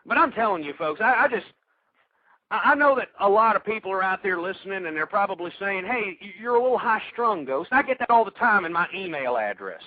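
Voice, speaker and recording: A man's voice: sits high, big pitch swings, quick pace, no room sound. Ranting man on tinny talk radio. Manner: ranting, insulting, stammering restarts. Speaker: radio talk show host. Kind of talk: angry political talk radio rant. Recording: tinny phone-like radio audio.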